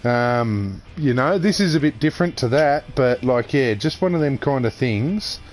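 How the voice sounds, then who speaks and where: A man's voice: medium pitch, animated, moderate pace, darkish tone, slight background noise. An Australian man co-hosting a casual podcast chat, jokey and laid-back, swearing freely. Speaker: podcast co-host.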